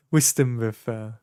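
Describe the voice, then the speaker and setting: A man streaming, reacting to songs in casual, reflective talk with many pauses and fillers. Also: mid-range voice, dark tone, clear, resonant tone, no echo, clean studio sound. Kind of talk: casual live-stream commentary.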